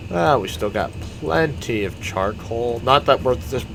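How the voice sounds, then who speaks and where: A man's voice: medium pitch, lively intonation, measured pace, gravelly, music in the background. A man, a gaming YouTuber, giving casual, rambling commentary while he plays a game. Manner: rambling, meandering storytelling.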